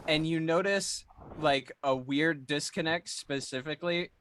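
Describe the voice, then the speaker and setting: A man's voice: on the high side, measured pace, fairly bright tone. A man player in a tabletop game, speaking casually and hesitantly, often restarting. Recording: noisy recording.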